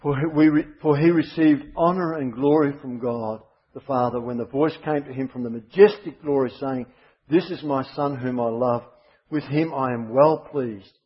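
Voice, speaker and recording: A man's voice: mid-range voice, normal speed, slightly rough, lo-fi sound. A man preaching a sermon, emphatic and repeating his key phrases for weight.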